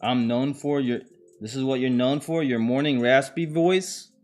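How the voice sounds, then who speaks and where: A man's voice: mid-range voice, unhurried, darkish tone. A man hosting a live-streamed podcast, joking and reacting to clips in a casual, slangy way. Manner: uses slang and swearing. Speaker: podcast host.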